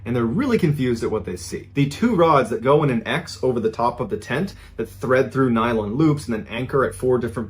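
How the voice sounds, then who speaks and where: A man narrating a true spooky story in a suspenseful storytelling style, dropping to a hushed, low voice at the tense moments. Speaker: podcast storyteller.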